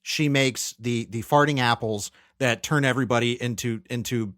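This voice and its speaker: A man co-hosting a movie podcast in casual chat, retelling scenes with lively quoted character lines. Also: mid-range voice, normal speed, dry recording, studio quality. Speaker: podcast co-host.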